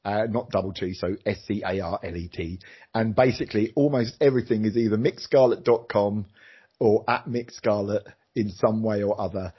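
A man, a former radio DJ, telling stories in a lively, self-mocking way on a podcast. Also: lowish voice, slightly rough. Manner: animated, jokey, self-mocking, acts out voices. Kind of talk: casual storytelling chat. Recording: dull lo-fi podcast audio.

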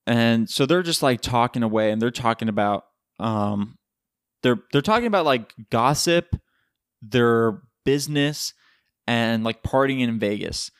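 A man hosting a solo podcast, rambling through a story with profanity and lots of energy. His voice is mid-pitched and sits very dry on a close mic. He jumps between tangents and often laughs. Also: lively intonation, unhurried, no room sound. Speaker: podcast host.

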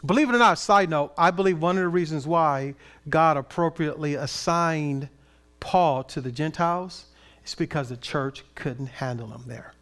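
Animated preaching man, higher voice. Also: normal speed. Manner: animated, conversational preaching with playful asides. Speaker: pastor. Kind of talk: sermon.

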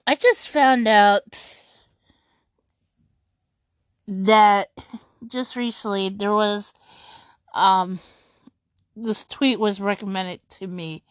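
A woman rambles through an excitable vlog commentary, breaking into laughter and restarting her sentences as she goes. She talks at an unhurried, drawn-out pace. The recording is dry and close, with no room sound. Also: mid-range voice, dry recording. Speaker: streaming commentator.

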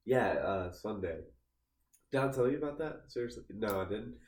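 A man with a lowish voice tells a story in loose, casual podcast chat. He rambles, restarts sentences and fills his speech with "like" and "uh." The room around him is noticeably echoey. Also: lively intonation, normal speed, darkish tone. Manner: rambling, heavy use of "like" fillers, restarts mid-sentence. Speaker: podcast co-host.

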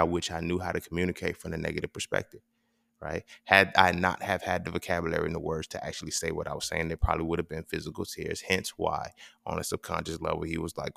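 A man's voice: deep voice, gravelly, fairly bright tone, no echo. A man hosting a podcast in a casual monologue, rambling and profane, checking in with "right?" between thoughts. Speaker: podcast host.

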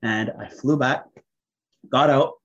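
A man's voice: medium pitch, slow pace. A man who is a podcast guest, telling a personal story casually and with animation, laughing often and saying "like" a lot. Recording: slightly dull lo-fi audio.

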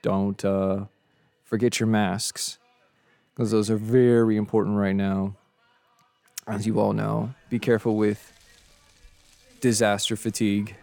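Low gravelly young man on a podcast. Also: flat delivery, a little slow, pauses often, warm tone, no room sound. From of Mexican descent. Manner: rambling, joking, self-deprecating. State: tired from little sleep. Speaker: podcast host. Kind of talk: casual solo podcast chat.

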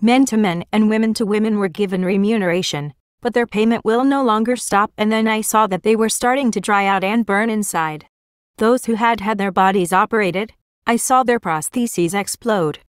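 A woman's voice: medium pitch, normal speed, smooth, no room sound, clean studio sound. Woman solemnly narrating a prophetic vision.

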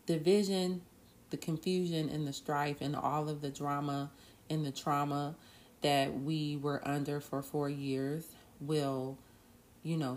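Woman, low-pitched, earnest solo podcast talk, slow with laughs. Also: a little mellow. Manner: earnest, drawn-out pauses, bursts of laughter. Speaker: podcast host.

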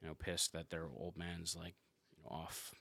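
A man's voice: low voice, monotone, moderate pace, gravelly, sharp tone, no echo, clean studio sound. A man in casual, profane chat among friends, loose and laughing often.

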